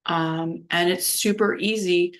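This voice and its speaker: Lowish-voiced woman telling a blunt story. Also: steady tone, slow pace, a bit bright. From New Orleans. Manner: rambling, heavy use of "like", blunt and profane. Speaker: vlogger. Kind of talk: candid personal storytelling.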